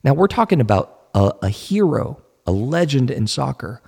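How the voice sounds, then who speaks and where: A man coaching golfers in an online teaching talk, asking his listeners questions and slowly repeating key phrases. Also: mid-range voice, sing-song, vocal fry, darkish tone, breathy edge.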